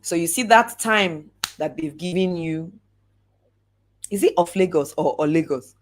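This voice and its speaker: A woman giving a lively motivational talk, acting out examples and drawing out words for emphasis. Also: lowish voice, noisy background. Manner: animated, acts out examples, slow drawn-out emphasis. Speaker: speaker coaching on networking.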